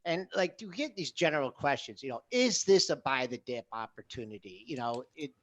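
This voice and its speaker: A man's voice: mid-range voice, expressive, fairly quick. A middle-aged man co-hosting a live trading talk show, giving emphatic, practical advice. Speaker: co-host.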